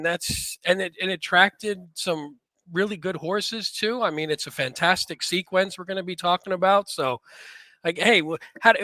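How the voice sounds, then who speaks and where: A man co-hosting a podcast with a raspy voice, joking easily in casual banter. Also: fairly high pitch, bright, forceful tone, no room sound. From Maryland, US. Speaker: podcast co-host.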